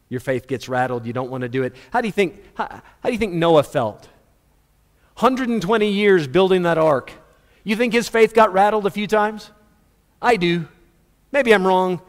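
A man preaching a sermon, acting out little dialogues and chuckling at his own stories. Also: high voice. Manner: animated, acts out dialogue, laughs at own stories. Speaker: pastor. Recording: long hall reverb.

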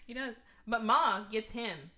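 A woman's voice: fairly high pitch, lively intonation, a little slow, sharp tone. A woman co-hosting a movie podcast in casual chat, sarcastic and profane. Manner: profane, sarcastic, acts out characters. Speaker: podcast co-host.

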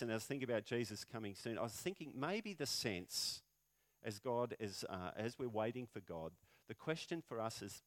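A man pastor preaching a sermon in a conversational way, full of rhetorical questions. He moves between loud, emphatic lines and quiet, low passages. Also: no echo.

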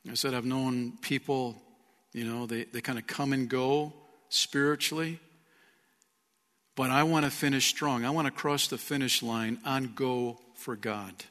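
Bright-voiced preaching pastor in a reverberant hall. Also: male voice, mid-range voice, steady tone, a little slow. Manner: earnest preaching with rhetorical questions. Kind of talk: sermon. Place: church sanctuary.

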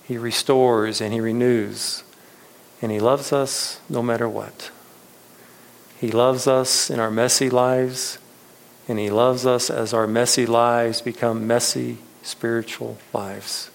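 A man's voice: mid-range voice, level tone, takes it slowly, creaky. A man preaching a sermon, earnest and reflective, telling stories to make his point. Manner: earnest storytelling preacher, soft reflective closes. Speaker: pastor.

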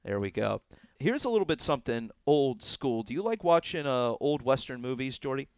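Picture a man hosting a podcast game with a teasing, showy delivery. His voice sits at an ordinary middle pitch. The sound is close and dry. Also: animated, a little mellow, clean tone, dry recording. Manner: playful, teasing quizmaster, drawn-out announcements. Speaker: podcast host running a quiz game. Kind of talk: casual podcast chat. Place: indoors, on location in Texas.

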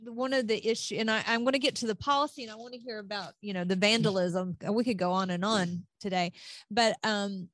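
Woman host chatting, lots of um and you know, mid pitch, dry sound. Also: brisk, a bit bright, dry recording. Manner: chatty, many fillers and restarts. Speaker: interview host. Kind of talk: conversational interview.

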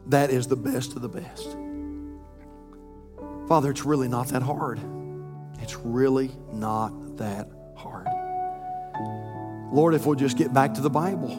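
A man, preaching a sermon as pastor, climbing to near-shouts and dropping to soft prayer. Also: mid-range voice. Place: church sanctuary. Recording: long reverb in a church hall.

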